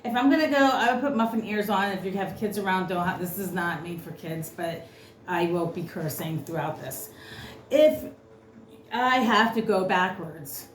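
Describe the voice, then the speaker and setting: A woman giving an unscripted tarot reading, ranting bluntly and cursing freely. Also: on the low side. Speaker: tarot reader. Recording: roomy echo, faint noise.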